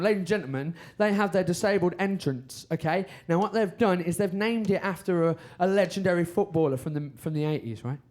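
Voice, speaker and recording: A young man from Birmingham doing a self-mocking stand-up comedy set, telling stories and slipping into put-on voices. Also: sits high. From Birmingham, England.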